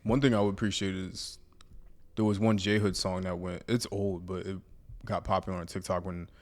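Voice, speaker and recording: Young male podcast co-host, fairly low voice, relaxed and hesitant, casual talk. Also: normal speed. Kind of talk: casual chat.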